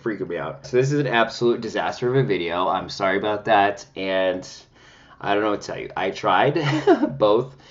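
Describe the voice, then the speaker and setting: A man's voice: low-pitched, lo-fi sound. A man talking chattily and dramatically at home while he reviews makeup, full of sassy exclamations. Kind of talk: casual makeup review vlog.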